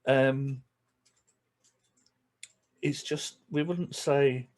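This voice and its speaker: This English vlogger has a Yorkshire accent and a mid-range voice. He chats casually to camera, chuckling between remarks and slipping into quick asides.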